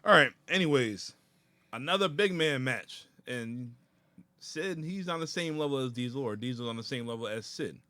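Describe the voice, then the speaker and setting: A man on a podcast, casually recounting a wrestling match and acting out loud quotes. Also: mid-range voice, animated, normal speed, no echo. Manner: laid-back storytelling with loud acted quotes. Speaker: podcast host. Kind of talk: casual chat.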